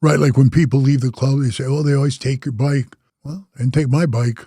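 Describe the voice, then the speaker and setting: A man's voice: mid-range voice, brisk, breathy edge, dry recording, clean studio sound. An older man and former biker club president, telling his life story in casual talk and acting out the other people in it. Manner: animated storyteller, acts out other voices, says bro a lot.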